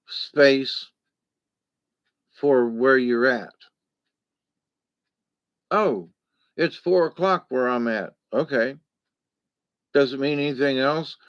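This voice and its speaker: A man's voice: mid-range voice, fairly bright tone, no room sound, muffled recording. A man talking in a casual, rambling monologue, folksy and digressive, with lots of fillers. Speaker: vlogger.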